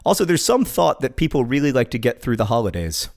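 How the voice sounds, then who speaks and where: A man co-hosts a podcast with wry, dry humor, steering the chat from one topic to the next. His voice sits in an ordinary middle pitch, with fillers between his points. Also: big pitch swings, fast. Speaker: podcast co-host.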